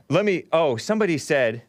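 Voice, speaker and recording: A man's voice: on the high side, big pitch swings, normal speed, no room sound, studio quality. A man hosting a talk show, giving rambling, sarcastic political commentary with scornful asides.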